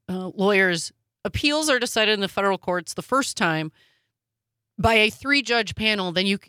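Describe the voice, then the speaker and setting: A woman co-hosting a casual news chat, sarcastic and quick with asides. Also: medium pitch, sharp tone, no echo, clean studio sound. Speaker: podcast co-host.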